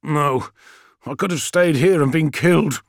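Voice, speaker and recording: A man voicing a nervous, high-strung male adept who talks anxiously and breaks into shrill outbursts. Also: a little slow, no room sound, studio quality. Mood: hysterical.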